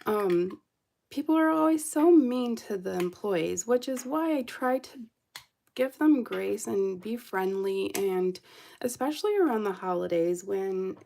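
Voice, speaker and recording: Slow-talking woman with a gravelly voice. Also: medium pitch, slight background noise. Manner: animated, acts out quoted voices. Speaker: vlogger. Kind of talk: casual storytelling while crafting.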